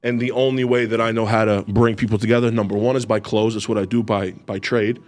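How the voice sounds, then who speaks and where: A man's voice: lowish voice, little pitch movement, quick pace, soft background music. A man, a podcast guest talking casually and emphatically, swearing freely. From Brooklyn, New York. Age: 30s. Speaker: podcast guest, clothing maker.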